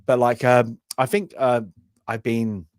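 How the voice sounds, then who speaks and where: London man, casual film chat, rambling, laughing, mid pitch, dry close mic. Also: little pitch movement, unhurried, clean tone, no room sound. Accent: London English. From London, England. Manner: rambling, laughs often, many restarts. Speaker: podcast co-host.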